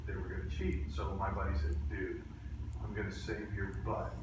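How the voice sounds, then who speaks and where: Animated male teacher, echoey classroom. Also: deep voice, moderate pace, distant mic, heavy background noise. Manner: animated, acts out quotes in voices. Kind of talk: classroom storytelling.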